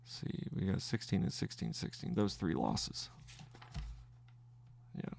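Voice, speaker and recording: A man hosting a trading podcast, thinking aloud through his trades in live commentary, halting and restarting as he counts wins and losses. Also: low voice, sing-song, vocal fry, a little mellow, a little hiss or hum.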